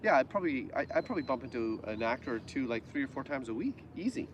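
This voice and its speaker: A man's voice: mid-range voice, very animated, quick pace, highs cut off, a little hiss or hum. A Canadian man co-hosting a casual livestream chat, jokey and prone to going off on tangents. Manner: chatty, jokey, goes off on tangents. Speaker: livestream co-host.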